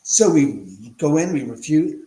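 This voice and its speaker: A man's voice: fairly high pitch, measured pace, roomy sound, low-quality recording. A man from Los Angeles, a guest, telling stories casually and animatedly, with lots of swearing. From Los Angeles, USA. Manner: animated, swears freely, acts out quotes. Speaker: guest, paranormal house owner. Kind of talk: casual storytelling.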